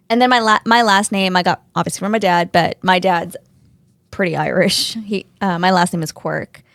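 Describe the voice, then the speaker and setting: Low-voiced woman co-hosting a podcast. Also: normal speed, creaky, no echo. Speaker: podcast co-host. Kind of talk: casual podcast chat.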